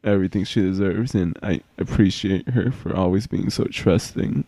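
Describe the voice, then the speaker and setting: A young man co-hosting a casual podcast, speaking softly and hesitantly with many fillers. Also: deep voice, normal speed, vocal fry, no echo. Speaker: podcast co-host.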